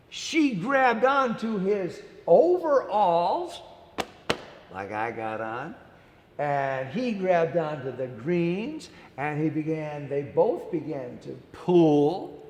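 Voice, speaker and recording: Playful male storyteller for small kids, high lively voice, unhurried, boomy reverberant room. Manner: animated, acts out the story with playful character voices. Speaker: children's storytime presenter. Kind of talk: storytelling to young children. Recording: echoey room with long reverb.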